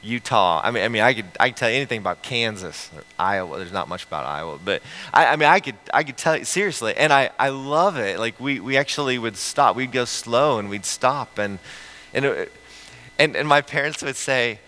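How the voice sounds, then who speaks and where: A middle-aged man from the central United States, a pastor giving a conversational sermon in an animated, storytelling way with frequent restarts. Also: medium pitch, brisk, poor audio.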